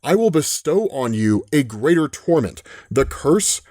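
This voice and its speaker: A man's voice: a little high, big pitch swings, unhurried, mellow, no echo, studio quality. A man voicing a giant talking spider that speaks with grave solemnity, in a comic recap. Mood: ominous.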